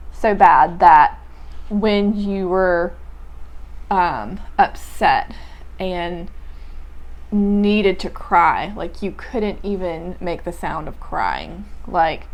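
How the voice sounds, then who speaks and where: A young woman reading a poem aloud and musing over its lines in a casual, reflective way. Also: mid-range voice. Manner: reflective, musing, many "like" and "um" fillers. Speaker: poetry podcast host. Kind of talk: casual poetry reading and commentary.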